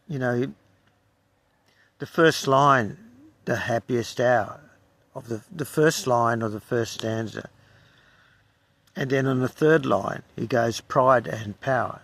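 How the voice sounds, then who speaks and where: Slow, gravelly Australian man reading poems. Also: mid-range voice, fairly bright tone. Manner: stumbles over words, wry asides. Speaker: poetry reader. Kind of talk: unrehearsed poetry reading with commentary.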